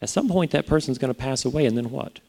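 A man's voice: medium pitch, expressive, fast, gravelly, dark tone. A man preaching a sermon in a conversational way, often putting rhetorical questions to his listeners. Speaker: pastor.

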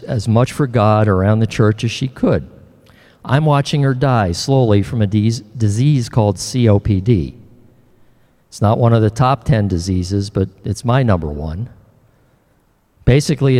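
An older man preaching a sermon as pastor, earnest and emotional, often pausing and restarting his words. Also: fairly low pitch, warm tone, big-room sound.

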